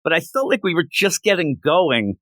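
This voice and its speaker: Animated man, lively rambling delivery. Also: a little high, moderate pace, dry recording. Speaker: podcast co-host. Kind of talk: casual chat.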